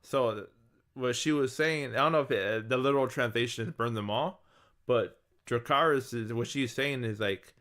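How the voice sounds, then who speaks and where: A man co-hosting a casual podcast, explaining things patiently in a relaxed way with casual swearing. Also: mid-range voice, moderate pace. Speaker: podcast co-host. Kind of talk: casual chat.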